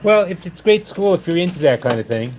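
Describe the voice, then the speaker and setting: A man's voice: high-pitched, lively intonation, fairly quick, a little mellow, a little hiss or hum. A man hosting a livestream from a gaming club, chatting casually and joking with viewers. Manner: wry, joking with chat. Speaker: livestream host.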